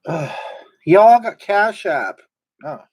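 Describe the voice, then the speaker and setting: This is a full character voice: medium pitch with big swings, slow, a little mellow, and edged with breath. The performer plays a brash, gossipy woman livestreamer in a live comedy stream who rambles and gets indignant reading chat aloud.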